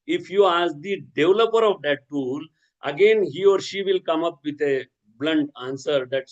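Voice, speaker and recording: A man's voice: fairly high pitch, normal speed, muffled recording. A man giving an academic lecture, talking in a discursive way with many fillers, restarts and a habitual "okay".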